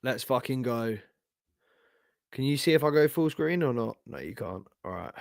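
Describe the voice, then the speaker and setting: A young man hosting a live football reaction stream, casual and sweary, his voice hoarse from shouting. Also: medium pitch, lively intonation, normal speed, no room sound, clean studio sound. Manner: casual, sweary, slangy, talks to chat. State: losing his voice. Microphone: streaming setup with camera.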